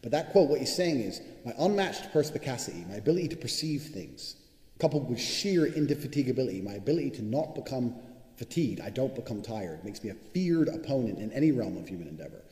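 With a warm, mid-range voice and big swings in pitch, this fast-talking vlogger gives brash money advice. His motivational spiel is boastful and constantly profane, and the recording carries the long reverb of an echoey room.

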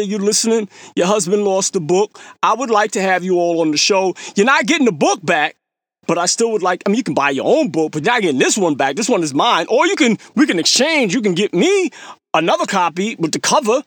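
A very high-pitched man hosts a podcast, swinging his voice up and down as he tells stories. His talk is casual and slangy. He acts out his own past remarks and laughs at himself. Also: animated, fairly quick, a bit bright, no echo, clean studio sound. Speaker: podcast host. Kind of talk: casual storytelling monologue.

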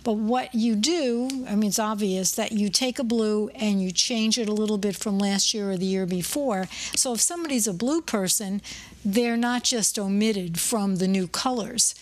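A woman's voice: mid-range voice, moderate pace, slight background noise. Middle-aged woman hosting a podcast, chatty, opinionated, tells little stories. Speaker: podcast host. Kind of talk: casual interview chat.

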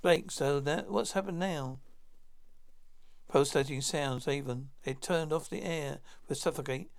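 Man, gravelly, slightly high voice, reads a script aloud, names each speaker first. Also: unhurried. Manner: announces each speaker's name before the line. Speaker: narrator reading all parts. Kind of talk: plain read-through of a script.

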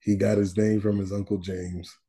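A man co-hosting a podcast in casual chat, animated and slangy, laughing often. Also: fairly low pitch, normal speed. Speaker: podcast co-host.

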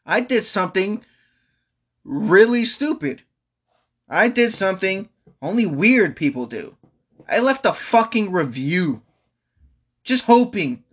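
A man's voice: sits high, fairly bright tone. A young man at home venting angrily in a rambling monologue, repeating himself and swearing. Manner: exasperated, repetitive, swearing. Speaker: vlogger.

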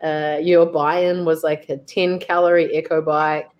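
Her voice is low-pitched and level, a little slow, and the audio sounds dull. She's a young New Zealander, a fitness coach and athlete on as a guest, chatting through a story with frequent "like"s and acted-out quotes of her own thoughts.

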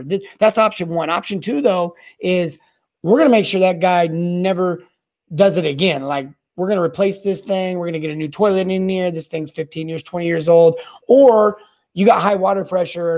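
A podcast host with a high, brisk voice talks alone about plumbing service and sales. Energetic and rambling, he keeps repeating words and starting them again.

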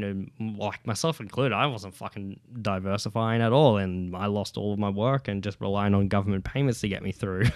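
Swearing podcast host, dry close mic. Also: male voice, on the low side, dry recording. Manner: profane, rambling, lively. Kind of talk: casual podcast chat. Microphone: podcast microphone.

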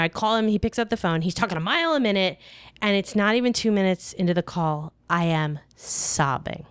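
A woman telling a personal story in a casual, animated way, full of "like" and jumping up in pitch when she quotes people. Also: clear, resonant tone, no room sound, studio quality. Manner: conversational, with many fillers like "like". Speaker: podcast storyteller.

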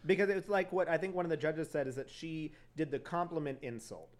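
A man's voice: a little high, brisk. A man co-hosting a podcast, talking casually and animatedly about a TV show, swearing and acting out quotes. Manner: animated, swears, quotes others in exaggerated voices. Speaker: podcast co-host. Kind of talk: casual chat reviewing a TV show.

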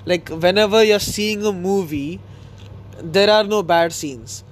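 A man talks through his podcast in a loose, excitable ramble, often breaking into laughter. His voice sits high for a man. A faint hiss lies behind the recording. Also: unhurried. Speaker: podcast host. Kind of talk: casual solo chat.

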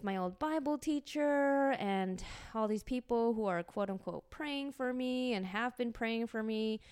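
A woman in her forties hosting a podcast, telling comedic stories in an animated, profane way and acting out quotes. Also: medium pitch, smooth, dry recording, studio quality. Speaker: podcast host. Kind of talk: comedic storytelling.

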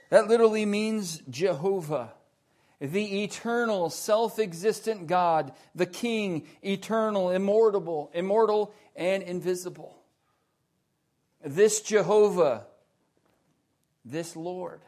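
A man preaching a sermon, slow and deliberate, stressing key words loudly and dropping to hushed low lines.

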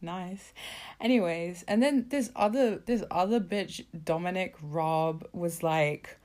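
A woman's voice: fairly low pitch, slow, darkish tone. A woman ranting casually about politics, sarcastic and exasperated, swearing freely and filling with asides. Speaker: vlogger.

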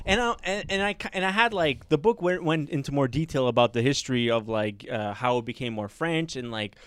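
A man's voice: medium pitch, brisk, clear, resonant tone, no echo. Chatty laughing man, dry close mic. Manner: rambling, laughs often, many restarts and fillers. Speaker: podcast co-host. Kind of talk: casual chat.

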